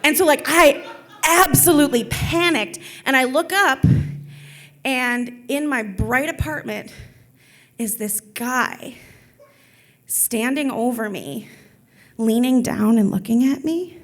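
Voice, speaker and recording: Young woman storyteller, high voice, chatty and loose, lots of filler. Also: takes it slowly, pauses often, fairly bright tone. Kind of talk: live storytelling.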